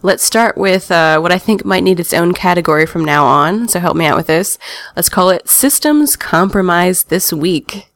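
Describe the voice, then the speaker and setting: Woman hosting a gamer podcast, chatty and wry, kinda low voice. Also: moderate pace. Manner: chatty, laughs often, reads news with wry asides. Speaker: podcast host. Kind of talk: casual podcast chat and news reading.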